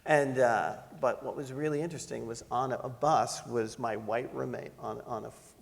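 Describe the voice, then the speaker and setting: A middle-aged man telling a personal story to an audience, animated and laughing as he acts out the voices in it. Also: medium pitch, moderate pace, gravelly, long reverb tail. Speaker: panel speaker. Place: lecture hall.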